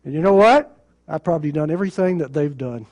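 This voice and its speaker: A man's voice: fairly high pitch, fast, darkish tone. A male pastor preaching a sermon in a plain conversational way, with sarcasm and rhetorical questions.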